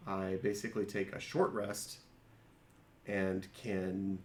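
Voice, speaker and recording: A man's voice: low voice, little pitch movement, slow, darkish tone. Man, tabletop player, explaining, restarts, echoey room. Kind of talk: casual chat about a tabletop game.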